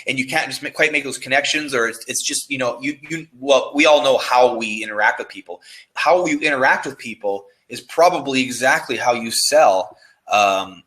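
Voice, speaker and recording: A man with a sharp-toned, mid-range voice is interviewed about copywriting, heard on a rough recording. The conversation is casual, and he talks loosely and restlessly, swearing and often starting his words over.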